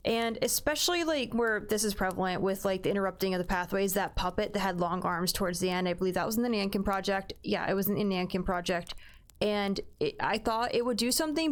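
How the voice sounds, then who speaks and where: A woman giving a casual spoken review of a haunted attraction, talking in a rambling, hesitant way with frequent restarts. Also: medium pitch.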